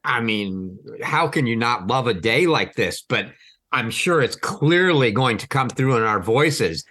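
A man's voice: medium pitch, lively intonation, measured pace, bright, forceful tone. A man co-hosting a sports podcast, talking casually with teasing banter. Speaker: podcast co-host.

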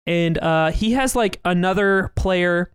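A man's voice: sits high, slow, clear, resonant tone, no echo, clean studio sound. A young man co-hosting a podcast, telling a story earnestly in casual chat with lots of fillers. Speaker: podcast co-host.

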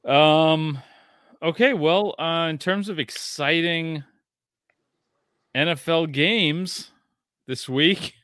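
A man in his thirties hosting a casual sports podcast, telling stories excitedly and swearing freely. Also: a little high, clear, resonant tone, dry recording, studio quality. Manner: excitable, profane storytelling. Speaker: podcast host.

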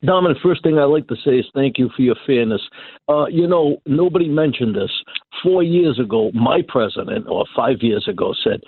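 A man phones in to a radio show, emphatic and repetitive, stumbling and restarting his sentences. His husky, mid-range voice comes over a tinny phone line with no room sound.

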